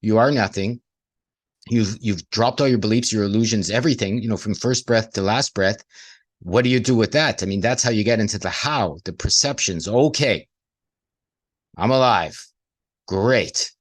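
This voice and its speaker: A man co-hosting a casual spiritual chat, talking in a rambling, animated way and acting out the voices he quotes. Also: fairly low pitch, moderate pace. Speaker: co-host.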